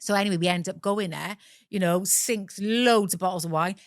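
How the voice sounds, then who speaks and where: A woman's voice: mid-range voice, moderate pace, no room sound, studio quality. A middle-aged woman from Wales with a South Welsh accent, a guest telling her own story candidly, swearing freely and acting out the voices of people in it.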